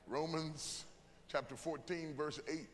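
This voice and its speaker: A man preaching a sermon to his church, joking with the congregation and rising into shouts. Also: a little high, slow. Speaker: pastor. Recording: echoey church hall with loud room noise.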